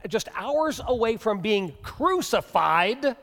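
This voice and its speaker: A male pastor preaching a sermon, telling a story with animation and dropping to hushed tones. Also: high voice, sing-song, slow. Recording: long reverb of a hall.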